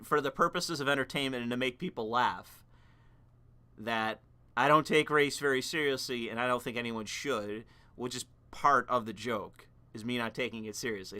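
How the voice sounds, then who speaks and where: A man's voice: mid-range voice, sharp tone. A young man streaming casual commentary, rambling and profane, laughing at his own remarks.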